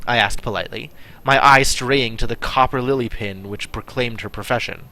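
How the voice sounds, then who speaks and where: A man's voice: mid-range voice, normal speed, pushed and bright. A man streaming a text adventure game, reading the story aloud and adding wry, chatty asides. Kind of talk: live game play with narration.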